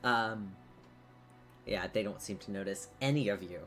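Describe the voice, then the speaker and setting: A woman's voice: very deep voice, normal speed, faint music behind. A woman narrating a tabletop game as game master, hesitant, with many ums and likes.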